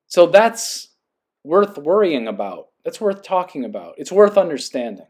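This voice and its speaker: A podcast host with a voice pitched a little high for a man. He reads a passage slowly and then reflects earnestly in a monologue, often pausing to check that the listener follows. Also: darkish tone. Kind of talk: reading aloud and reflective monologue.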